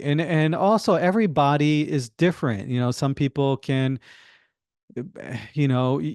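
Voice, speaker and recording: A middle-aged man hosting his own podcast, talking in a casual, halting way with many restarts and fillers. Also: medium pitch, darkish tone, clear, resonant tone, no room sound, clean studio sound. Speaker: podcast host. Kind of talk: casual solo monologue.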